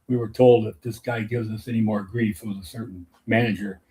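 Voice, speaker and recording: A man's voice: fairly low pitch, fairly even intonation, a little fast, darkish tone. An older man hosting a casual chat, a former umpire telling stories and laughing at his own punchlines. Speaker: host, former softball umpire.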